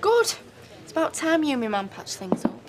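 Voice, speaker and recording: A woman's voice: sits high, big pitch swings. An actress playing a firm woman telling a man to go home to his wife. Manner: brisk, firm.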